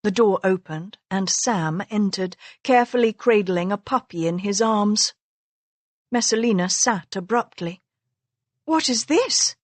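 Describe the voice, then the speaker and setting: Woman narrator, steady mid voice, slow and measured, dry close read. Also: mid-range voice, no room sound. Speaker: audiobook narrator. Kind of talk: scripted narration.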